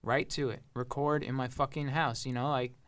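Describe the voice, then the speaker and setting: Smooth-voiced young man, rambling casual talk. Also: medium pitch, flat delivery, moderate pace, a bit bright. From Long Island, New York. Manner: rambling, heavy on fillers and swearing. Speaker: rapper and producer guest. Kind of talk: casual interview chat.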